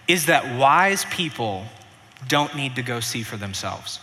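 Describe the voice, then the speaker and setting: A young man preaching a sermon as pastor, telling stories with animation and dropping softer for earnest points. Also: on the high side. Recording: reverberant hall.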